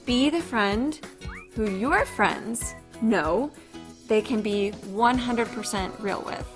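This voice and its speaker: A woman hosting her own podcast, talking in an earnest, confiding way, slow and thoughtful, with frequent restarts. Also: a little high, lively intonation, over music. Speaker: podcast host. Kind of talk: reflective solo podcast talk.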